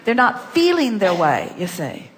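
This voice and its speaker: A woman's voice: medium pitch, sing-song, measured pace, noisy background. A woman giving a spiritual workshop talk to an audience, emphatic and fond of rhetorical questions and repeated key phrases. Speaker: spiritual seminar speaker. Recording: long reverb of a large hall.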